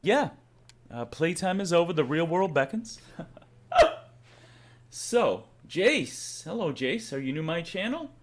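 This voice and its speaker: A man's voice: fairly high pitch, big pitch swings, measured pace, long pauses, very noisy. A man streamer chatting casually with viewers, greeting them by name in an upbeat, chatty way. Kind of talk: casual live-stream chat, reading out chat names.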